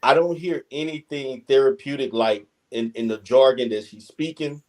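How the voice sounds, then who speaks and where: A man who is a licensed therapist joins a livestream as a guest. He speaks with assurance, often restarting sentences, at a mid-range pitch. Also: normal speed, darkish tone, low-quality recording.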